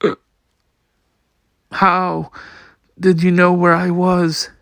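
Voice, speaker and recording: A man's voice: sits high, monotone, extremely slow, creaky, a bit bright, dry recording, clean studio sound. A man reading a manga aloud, voicing every part and the sound effects, often stumbling and repeating words. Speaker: comic reader.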